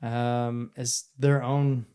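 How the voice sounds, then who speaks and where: A man with a mid-pitched, everyday voice spins long, meandering stories on a casual podcast. He wanders off on tangents and slips in dry jokes as he goes. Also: flat delivery, drawn-out words, dark tone, smooth. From born in St. Louis, raised in western Oklahoma. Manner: rambling, jokey storyteller. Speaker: podcast co-host.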